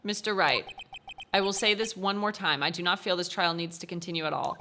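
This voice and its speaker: A woman's voice: on the low side, fairly even intonation, fairly quick, background noise, lightly acted. Woman reading a stern old male judge. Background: game music.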